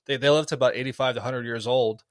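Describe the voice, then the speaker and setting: A man co-hosting a relaxed podcast, drifting through long anecdotes with plenty of ums and restarts. His voice sits at an ordinary middle pitch, and the sound is close and dry, without room reverb. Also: very fast. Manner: rambling anecdotes with many fillers and restarts. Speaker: podcast co-host. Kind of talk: casual chat.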